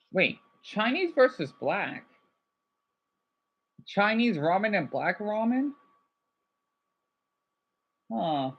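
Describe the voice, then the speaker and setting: A man's voice: high voice, big pitch swings, lo-fi sound. A man livestreaming in a casual, rambling way, upset and burnt out, apologizing often between outbursts. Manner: agitated, rambling, quick to apologize.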